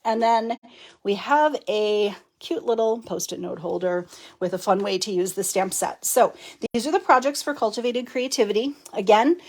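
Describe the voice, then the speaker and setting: A woman with a fairly high voice chats her way through a crafting live stream. She is effusive and laughs often, and she greets her viewers warmly by name. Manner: chatty, effusive, laughs often, reads viewer comments aloud. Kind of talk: casual live-stream chat.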